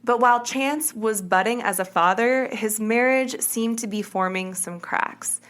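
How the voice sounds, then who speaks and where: A woman's voice: a little high, measured pace, fairly bright tone. A woman hosting a podcast, telling a true crime story in a casual, chatty way. She often corrects herself mid-sentence. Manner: chatty, self-correcting, uses "like" and "kinda". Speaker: podcast host.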